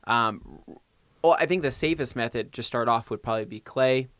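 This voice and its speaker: Easygoing man with a smooth mid voice. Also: medium pitch, moderate pace, fairly bright tone, dry recording. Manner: reads out comments, then answers with many ums. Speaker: podcast co-host. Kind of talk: casual chat. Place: podcast studio.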